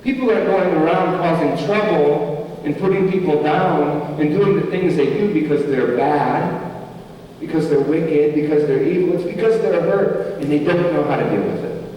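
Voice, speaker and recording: A man's voice: on the high side, moderate pace, warm tone, recorded from a distance, slight background noise. A man preaching a sermon as pastor, with an emphatic, repeating cadence. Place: church sanctuary. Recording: echoey hall, from afar.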